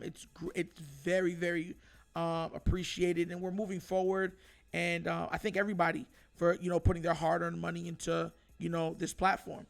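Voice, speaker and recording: A man hosting his own show, giving an emphatic, animated sports opinion monologue and calling his viewers y'all. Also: high-pitched, vocal fry. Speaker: host.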